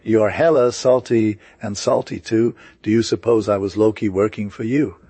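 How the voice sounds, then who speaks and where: A man's voice: on the low side, steady tone, moderate pace, dark tone, dry recording. A man voicing a blustering greedy gambler. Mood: angry. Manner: blustering, demanding. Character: scheming adult male gambler, rude and greedy.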